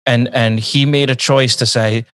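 A man's voice: medium pitch, fairly even intonation, a little slow, no room sound. Earnest man telling a story. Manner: earnest, repeats words as he talks. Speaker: guest. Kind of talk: casual conversation.

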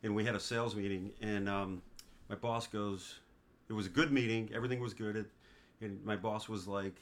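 A man in his fifties from the East Coast of the United States appears as a guest in a casual chat hosted by his son. His voice is on the low side with fairly even intonation and a slightly fast pace. He's a leisurely storyteller who spins long anecdotes and acts out other people's lines.

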